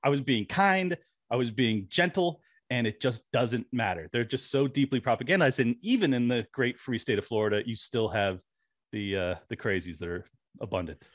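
In a relaxed interview, a young male podcast guest tells animated stories and laughs often. His mid-range voice moves at a moderate pace, with no echo.

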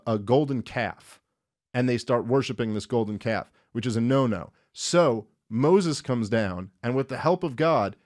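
A man hosting a casual talk show, mid-pitched and close to a dry mic. He swears freely and keeps the retelling animated, acting out characters in quick voices. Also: dry recording. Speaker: podcast host. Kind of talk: irreverent comedic retelling and commentary.

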